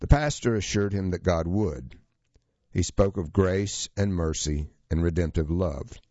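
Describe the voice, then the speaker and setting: Male narrator, very low voice, steady long-form storytelling, dry muffled read. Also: measured pace, no echo. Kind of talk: scripted narration of a true story.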